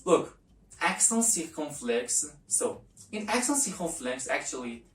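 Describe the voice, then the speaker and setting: A woman with a low voice gives a patient lesson, repeating each example. She speaks at an unhurried pace. The recording sounds roomy and echoey, with the mic set some way from her. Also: very animated. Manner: explains slowly with repeated examples and fillers. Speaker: French teacher. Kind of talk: language lesson. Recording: echoey room, distant mic.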